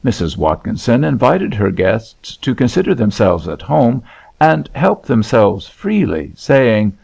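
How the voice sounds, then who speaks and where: A man narrates a novel with a low, gravelly voice that rises and falls freely. The tone is husky, and the recording sounds dull and lo-fi. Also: sing-song, measured pace, darkish tone.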